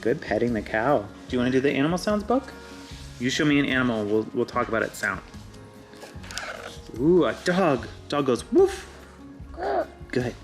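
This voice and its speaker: A woman's voice: a bass voice, expressive, a little fast, pauses often, soft background music. A woman in sing-song baby talk with a toddler, coaxing and imitating animal sounds. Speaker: mother.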